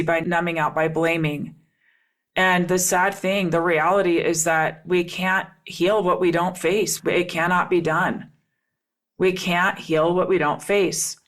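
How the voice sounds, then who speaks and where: This is a solo podcast from a middle-aged woman working as a relationship coach, her voice on the low side. Her tone is earnest, and she repeats important phrases to stress them.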